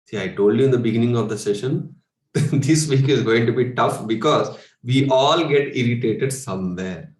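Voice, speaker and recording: A man's voice: mid-range voice, moderate pace. Male meditation coach, Indian English accent, conversational workshop delivery, mid-range voice, echoey room. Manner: conversational, rhetorical questions, chuckles. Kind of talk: spiritual workshop talk.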